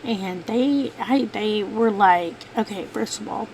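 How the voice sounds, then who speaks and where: Rambling mom telling a story. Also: female voice, medium pitch, slow, vocal fry, a little mellow, a little hiss or hum, poor audio. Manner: rambling, many fillers and restarts. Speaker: vlogger, mother. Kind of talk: casual storytelling to camera.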